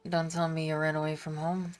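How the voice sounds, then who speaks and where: A woman voicing a calm, kindly older male ship captain who speaks in a measured, gentle way. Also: low-pitched, clear, resonant tone, soft background music, close to an everyday voice.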